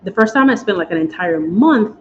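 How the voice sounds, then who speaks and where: This American woman vlogger chats casually and emotionally, frequently saying "y'all" and "guys." Her medium-pitched voice is expressive, a bit mellow, and slightly fast. The audio is dull and lo-fi with faint noise.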